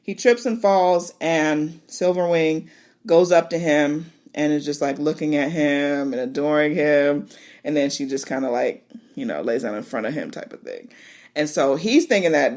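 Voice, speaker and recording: A woman hosting a podcast, recapping an episode in a casual, animated way, laughing and exclaiming as she goes. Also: deep voice, normal speed. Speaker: podcast host.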